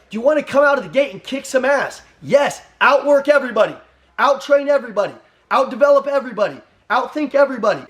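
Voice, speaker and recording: A young man giving a blunt, profane motivational pep talk as a sales trainer, firing off short repeated commands. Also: sits high.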